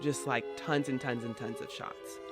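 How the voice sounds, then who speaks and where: A man co-hosting a podcast, recapping a play in a lively, conversational way. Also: medium pitch, moderate pace, over music. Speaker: podcast co-host. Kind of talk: animated story recap.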